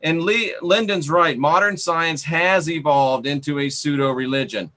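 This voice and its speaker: A man's voice: a little high, unhurried, sharp tone. A man hosting a live stream, reading viewer comments aloud and sarcastically scolding and banning rude commenters. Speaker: channel host.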